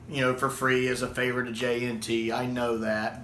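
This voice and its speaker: A man's voice: medium pitch, moderate pace, few pauses, pushed and bright, slight background noise. A man giving a casual spoken review of a video, chatty and laughing often between remarks. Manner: chatty, repeats himself, self-corrects. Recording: echoey room.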